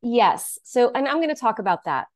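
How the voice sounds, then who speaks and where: A woman's voice: on the high side, very animated, moderate pace, no echo, clean studio sound. A woman co-hosting a podcast, chatting and then telling a researched story. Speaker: podcast co-host.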